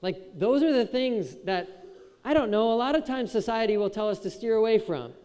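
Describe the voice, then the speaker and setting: Young man from Wisconsin, high voice, casual joking keynote speaker, hall reverb. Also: lively intonation, normal speed, darkish tone. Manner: casual and joking, chats with the crowd. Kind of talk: motivational speech to a youth audience. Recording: echoey hall with long reverb.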